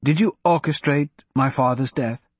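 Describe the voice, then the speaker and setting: A man reading an audiobook, voicing a spirited, sharp-tongued young princess with a sarcastic, defiant manner. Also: mid-range voice, normal speed, breathy edge, no room sound, voice pushed up, close to an everyday voice. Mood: stunned. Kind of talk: audiobook character voice.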